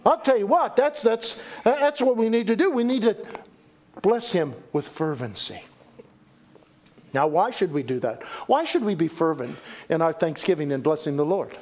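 Male pastor, middle-aged, high voice, lively folksy preaching, jokey asides. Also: moderate pace. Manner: animated, folksy, with joking asides and repeated phrases. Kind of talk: sermon.

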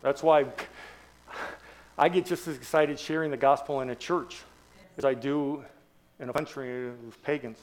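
A man's voice: medium pitch, fairly even intonation, normal speed, pauses often. A man in his sixties preaching an evangelistic sermon to a church congregation, joking and quizzing the crowd with rhetorical questions. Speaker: guest preacher.

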